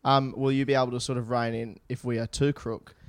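A man's voice: mid-range voice, flat delivery, fairly quick. A man co-hosting a podcast, welcoming a guest and teasing playfully. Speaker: podcast co-host. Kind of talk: casual banter.

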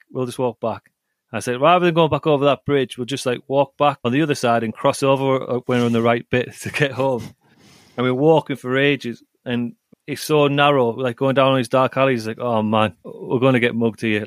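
A young male podcast co-host with a medium-pitched voice, recorded without echo, rambles through a travel story. He says "like" constantly and laughs as he tells it, in a casual chatty style.

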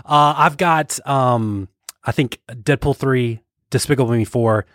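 A man co-hosting a pop culture podcast, chatting casually with playful jokes and deadpan asides. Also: medium pitch, measured pace, no echo, studio quality. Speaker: podcast co-host.

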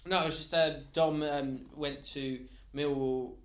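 A man's voice: on the high side, fairly even intonation, a little slow. Chatty English man in an echoey room. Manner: leads the topics, teasing. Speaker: podcast host. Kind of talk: casual chat.

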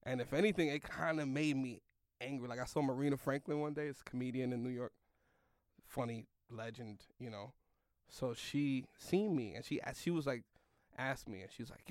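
Slangy, rambling young comedian, dry sound. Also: male voice, medium pitch, brisk, a little mellow, no room sound. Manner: loose, slangy, rambling, lots of "like" and "yo". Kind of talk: casual storytelling in a podcast chat.

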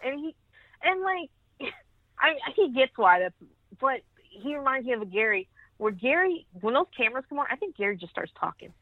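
A woman in blunt, profane casual chat who laughs easily, her voice coming through a tinny, phone-like line. The sound is dry and close, and her pitch sits a little high. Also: very animated, moderate pace, no room sound. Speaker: podcast co-host.

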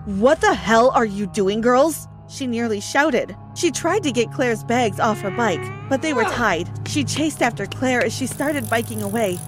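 Young woman narrating a personal story. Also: a little high. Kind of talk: scripted first-person narration. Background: faint background music.

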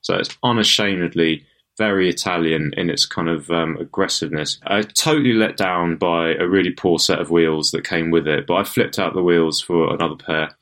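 A man's voice: deep voice, normal speed, fairly bright tone. A man co-hosting a podcast, chatting casually and teasing playfully. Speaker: podcast co-host. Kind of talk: casual chat.

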